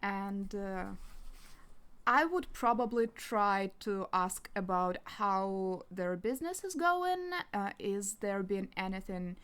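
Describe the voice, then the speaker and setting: A woman's voice: medium pitch, animated, slow pace, fairly bright tone, clean tone. A woman playing an agent in a tabletop game, speaking hesitantly with many fillers. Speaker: player.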